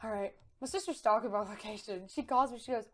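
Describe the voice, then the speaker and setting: A woman co-hosting a podcast, telling rambling, animated anecdotes in casual chat. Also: mid-range voice, quick pace. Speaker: podcast co-host.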